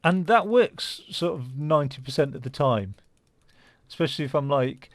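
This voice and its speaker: A man's voice: a little high, animated, moderate pace, dry recording, clean studio sound. A man giving casual, rambling commentary while playing a game, with lots of fillers and restarts. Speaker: gaming channel host. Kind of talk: casual let's-play commentary.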